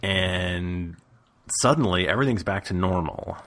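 A man narrating as game master for a tabletop group, hesitant and relaxed. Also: low-pitched, measured pace, background noise.

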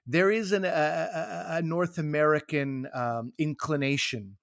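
A middle-aged man hosting a food podcast with wry, teasing banter. His voice sits a little high. The recording is close and dry. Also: steady tone, a little slow, gravelly, dry recording. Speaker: podcast host. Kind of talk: casual food podcast chat.

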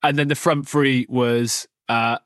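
A man's voice: mid-range voice, steady tone, slow, a bit bright, smooth, no echo, clean studio sound. A young man hosting a casual football podcast, rambling and joking, laughing often and restarting his sentences. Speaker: podcast host.

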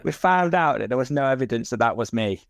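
A man's voice: medium pitch, lively intonation, fast talker, creaky. A man co-hosting a casual sports podcast with a dry, joking manner. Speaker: podcast co-host. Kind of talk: casual chat.

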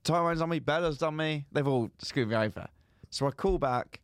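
A man's voice: on the high side, normal speed, no room sound. Man telling a comic story, dry sound. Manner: comic anecdote-telling, acts out both sides of calls. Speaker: podcast co-host. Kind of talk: casual storytelling chat.

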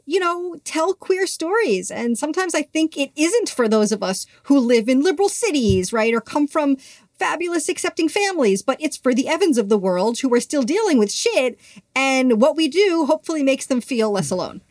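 Woman podcast host, high voice bouncing around, dry sound. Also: expressive, normal speed, a little mellow, no room sound. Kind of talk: casual interview chat.

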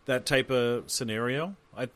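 A man's voice: medium pitch, measured pace, fairly bright tone. A man co-hosting a podcast, chatting casually about a movie, with lots of swearing and "like" fillers. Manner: swears a lot, fills with "like", acts out lines. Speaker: podcast co-host. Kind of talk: casual movie commentary chat.

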